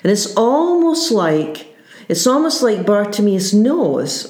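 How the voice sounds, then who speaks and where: A woman's voice: mid-range voice, sing-song, slow pace, a little mellow, echoey room. A woman pastor giving a sermon in an earnest, searching way, often restarting her phrases as she thinks them through.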